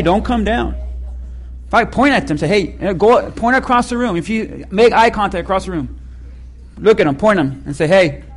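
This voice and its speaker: High-voiced pastor preaching with fervor. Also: male voice, gravelly, husky. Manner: emphatic, calls out to the congregation; hushed, low prayer. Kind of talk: sermon.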